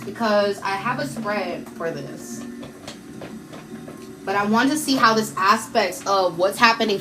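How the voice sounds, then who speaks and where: A woman's voice: mid-range voice, a bit bright. A young woman giving a casual livestream tarot reading, chatty and encouraging, laughing easily.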